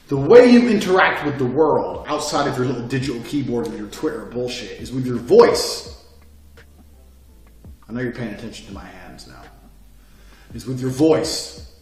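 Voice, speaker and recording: A man giving a lecture course, talking forcefully and bluntly with lots of swearing. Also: on the high side. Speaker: instructor. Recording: very echoey room, mic far off.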